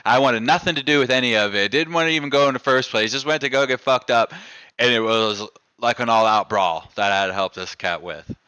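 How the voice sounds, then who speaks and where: A man's voice: medium pitch, brisk, sharp tone, clear, resonant tone, no room sound. A man hosting a live stream, telling a bar story in loose, profane, casual chat. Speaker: streamer host.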